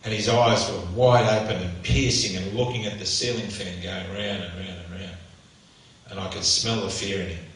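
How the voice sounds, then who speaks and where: A man's voice: low voice, fairly even intonation, moderate pace, a bit bright. A middle-aged man, a motivational speaker, tells a vivid, emotional story and acts out the dialogue. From Australia. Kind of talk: storytelling talk. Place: church hall. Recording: echoey church hall from far off, faint noise.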